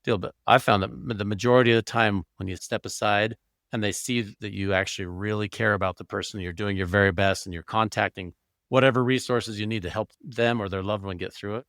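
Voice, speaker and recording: A man's voice: on the low side, fairly even intonation, a little fast, a bit bright, no room sound, clean studio sound. A man hosting a podcast for doctors, responding conversationally and reflectively to his guest. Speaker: podcast host, physician. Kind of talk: conversational interview.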